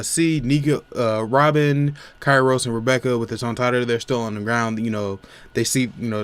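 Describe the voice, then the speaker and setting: Rambling casual male manga reviewer. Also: mid-range voice. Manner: rambling, many fillers like "you know what I'm saying". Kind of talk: casual chapter recap.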